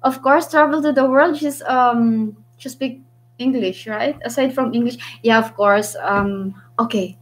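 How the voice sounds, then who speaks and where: A young woman with a Filipino accent chats casually with her vlog viewers. She speaks slowly in a slightly high voice, filling gaps with ums as she thinks aloud. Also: rough recording. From Philippines. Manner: chatty, thinks aloud with many ums and pauses. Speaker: vlogger. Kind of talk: casual live-stream chat with viewers.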